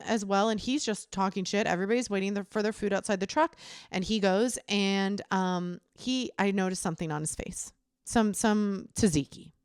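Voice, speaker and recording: A young adult woman co-hosting a podcast, animated and profane as she tells a story in casual chat. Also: medium pitch, smooth, no echo, clean studio sound. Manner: animated, swearing, laughs while telling. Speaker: podcast co-host.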